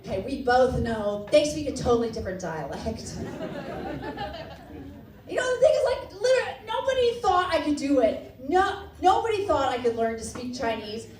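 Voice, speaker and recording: A woman from Texas doing a stand-up comedy set, animated and self-mocking, breaking into laughter. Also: sits high, normal speed. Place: comedy club stage before a laughing audience. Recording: roomy club sound, distant mic, loud crowd.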